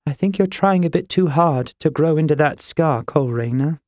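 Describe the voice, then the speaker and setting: A man doing a perceptive young woman, gently teasing. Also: medium pitch, unhurried, dry recording, pitched above the performer's own voice, lightly acted. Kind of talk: audiobook character voice.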